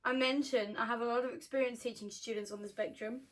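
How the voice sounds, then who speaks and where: A woman's voice: fairly high pitch, fairly even intonation, quick pace. A young woman co-hosting a casual chat, reading confessions aloud with playful, teasing outbursts. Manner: playful, teasing, bursts into loud laughter and shouts. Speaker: co-host.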